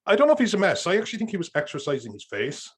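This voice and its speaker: A man co-hosting a podcast, chatting casually and joking in a quick, rambling way. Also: high-pitched, huge pitch swings. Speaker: podcast co-host. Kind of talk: casual chat.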